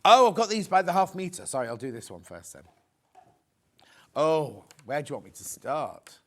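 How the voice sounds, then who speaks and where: A middle-aged man presenting on live shopping TV, with a voice that sits fairly high for a man. He swings his pitch up and down a great deal. He is chatty and jokey and tends to wander off into stories. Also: sing-song, normal speed. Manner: chatty, jokey, rambling into anecdotes.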